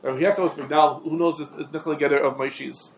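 A man teaching a lecture on religious law, in quick clipped phrases with repeated fillers like "come on" and "over here". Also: a little high, steady tone. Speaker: Talmud teacher. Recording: echoey room with faint background noise.

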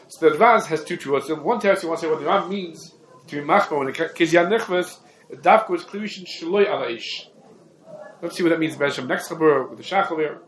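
A man's voice: on the high side, a bit bright. Emphatic man teaching halacha. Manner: rapid, repetitive, emphatic teaching with heavy Hebrew terms. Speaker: Torah teacher. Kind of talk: halachic lecture. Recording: echoey room with faint ambient noise.

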